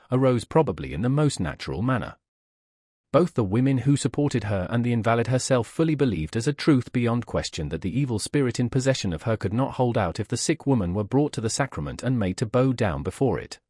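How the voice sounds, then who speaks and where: Expressive male audiobook narrator. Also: medium pitch, dry recording, clean studio sound. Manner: measured, expressive storytelling. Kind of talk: scripted narration of a classic novel.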